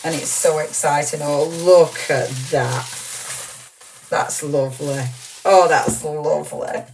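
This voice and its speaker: A woman's voice: low voice, fairly even intonation, takes it slowly, a little mellow, far from the mic, slight background noise, rough recording. A woman presenting a live craft show in a chatty, gushing, rambling way, full of ums and little laughs.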